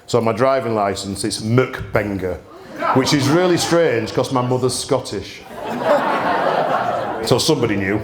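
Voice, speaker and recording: With a crowd audible behind him, a medium-pitched man at a measured pace leads a gin tasting full of amusing stories. He talks in a chatty manner, laughing frequently, and the space sounds echoey.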